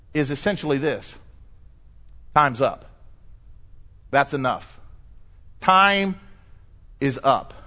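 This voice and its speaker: A middle-aged man pastor delivering a sermon, preaching emphatically and rising to loud cries when he quotes scripture. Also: high voice.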